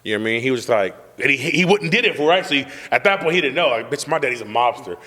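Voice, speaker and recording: A young man hosts a casual podcast chat, telling a boastful story full of profanity and slang. His medium-pitched voice is animated and very fast, trailed by a long reverb tail.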